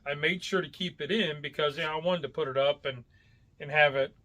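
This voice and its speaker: A man's voice: on the high side, steady tone, brisk, bright, forceful tone, lo-fi sound. A man co-hosting a casual podcast chat, rambling and searching for words with lots of fillers. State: coughing from hot coffee. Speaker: podcast co-host.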